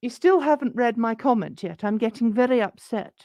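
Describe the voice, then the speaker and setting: A woman's voice: a little high, animated, brisk, darkish tone, no room sound, clean studio sound. A woman putting on a haughty, ancient queenly figure who scolds a scammer in a pompous, patronising way. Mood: scolding. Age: 179 as a joke figure; old. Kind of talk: comic in-character rant.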